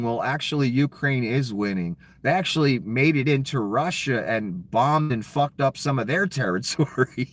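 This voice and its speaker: A man's voice: on the high side, lively intonation, moderate pace, few pauses, a bit bright. A man delivering an angry, profane political rant. He is scornful and sarcastic, and he stops to read headlines aloud. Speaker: political commentator.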